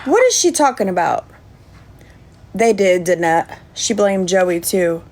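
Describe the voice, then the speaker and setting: A woman's voice: medium pitch, expressive, a little slow, a little mellow. A woman chatting on a livestream, indignant, thanking viewers by name. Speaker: livestream host. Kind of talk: casual livestream chat.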